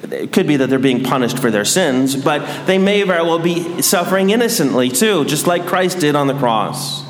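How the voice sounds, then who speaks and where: A man giving a sermon as a priest, measured and dryly humorous. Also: fairly high pitch, a little hiss or hum. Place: large church. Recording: echoey church hall.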